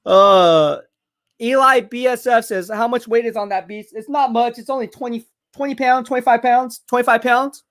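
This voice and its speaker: A high-voiced man hosting a live stream, talking in a hyped, chatty way and reading out comments from viewers. He sounds a little out of breath, as if he is exercising while he talks. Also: normal speed, fairly bright tone. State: out of breath from curls. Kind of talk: live draft watch party, reading chat.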